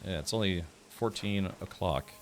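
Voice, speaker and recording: A man's voice: low-pitched, normal speed, a little hiss or hum. A man streaming a game, chatting casually, thinking aloud and answering his chat. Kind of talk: casual gameplay commentary.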